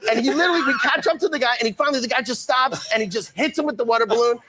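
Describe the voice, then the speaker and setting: A man's voice: very high-pitched, racing, over music. A man telling a long, funny anecdote as a talk show guest, laughing often and acting out the voices of the people in it. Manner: laughing storyteller, acts out voices.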